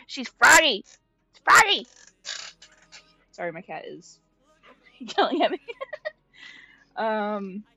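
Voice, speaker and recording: A young woman chats casually on a live stream while she draws, swearing freely and laughing often as she talks to her cat. Her voice sits in the mid range with a fairly bright tone, and the sound is lo-fi.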